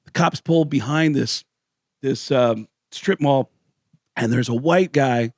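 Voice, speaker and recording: A man, a comedian guest in a radio studio, telling stories with lively character voices and big pitch swings. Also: unhurried, no echo. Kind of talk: animated storytelling. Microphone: studio mic.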